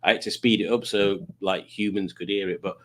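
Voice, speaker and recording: A man's voice: low-pitched, fairly even intonation, fairly quick, a bit bright. Chatty man hosting a livestream. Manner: rambling, jokey, greets the chat. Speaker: livestream host. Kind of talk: casual live-stream chat. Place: home streaming setup with lights.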